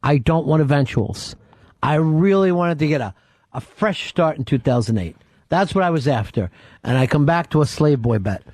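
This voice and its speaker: A man's voice: a little high, lively intonation, a little mellow, no room sound. Wry, teasing male radio host. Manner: wry, teasing, halting with many fillers. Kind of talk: casual radio banter.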